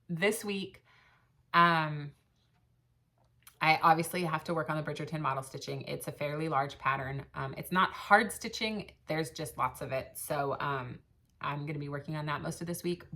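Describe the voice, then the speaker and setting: A low-pitched woman in her thirties chats casually for a craft vlog, her voice carrying a gravelly rasp. She rambles earnestly, restarting sentences and filling pauses with ums. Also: bright, forceful tone. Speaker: cross stitch vlogger and shop owner. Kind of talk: casual chat.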